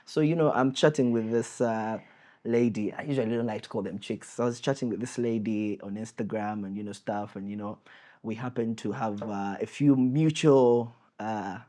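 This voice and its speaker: A man's voice: on the low side, normal speed. A young man co-hosting a casual podcast, telling a story with laughter and acted-out sound effects. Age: young adult. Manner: animated, laughing, acts out scenes with sound effects. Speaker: podcast co-host.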